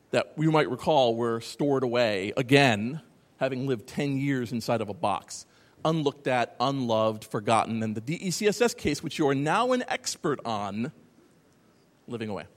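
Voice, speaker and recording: Male conference speaker, sardonic and rambling, lively pitch, long hall reverb. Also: normal speed. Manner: animated, sarcastic, rambling with asides. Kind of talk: live talk to an audience. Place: large hall with audience.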